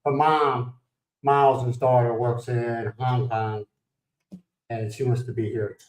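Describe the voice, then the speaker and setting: A man's voice: mid-range voice, flat delivery, slow, distant mic, a little hiss or hum. Rambling American man, echoey and off-mic. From United States. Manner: rambling storytelling, greets viewers by name, laughs often. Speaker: livestream host. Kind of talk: casual chat.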